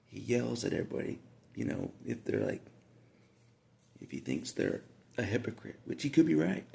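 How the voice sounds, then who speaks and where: A man's voice: on the low side, wildly swooping pitch, normal speed, creaky, dark tone. A man talking casually to the camera in a rambling monologue, repeating himself with frequent asides.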